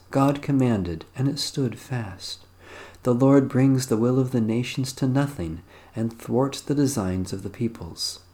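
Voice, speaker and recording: A man reading an evening prayer service aloud in a measured, solemn liturgical manner. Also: medium pitch, dark tone. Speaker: prayer leader. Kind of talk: slow recited evening prayer.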